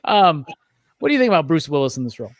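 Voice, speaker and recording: A man hosting a casual movie review chat, talking with animated enthusiasm and leading the discussion. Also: on the high side, rapid-fire, no room sound, studio quality. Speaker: podcast host.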